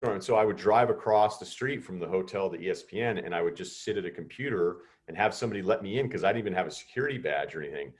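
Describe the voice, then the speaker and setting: A middle-aged man telling students a story over a video call, animated and acting out the voices of others. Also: low-pitched, fast, few pauses. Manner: animated, acts out quoted voices. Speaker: guest speaker.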